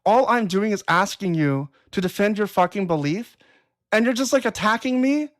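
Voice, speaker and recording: A woman's voice: medium pitch, expressive, normal speed. Blunt, exasperated woman livestream host. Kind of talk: casual livestream talk reading chat comments.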